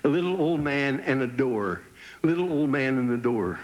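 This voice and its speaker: A man's voice: medium pitch, expressive, normal speed, muffled recording. Older man telling rambling jokes onstage. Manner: rambling, repeats lines and chuckles at own jokes. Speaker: comedian. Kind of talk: live stand-up comedy. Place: live theater stage. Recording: noisy live theater recording with loud crowd. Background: loud audience laughter.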